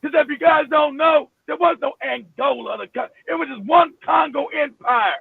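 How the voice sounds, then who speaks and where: A man with a very high, gravelly voice rants heatedly at his live-stream audience, swearing freely and breaking into shouts. The sound is narrow and phone-like, dry and close, with no room around it. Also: moderate pace. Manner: emphatic, profane, bursts into shouting; repeats himself, many restarts. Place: home in Florida.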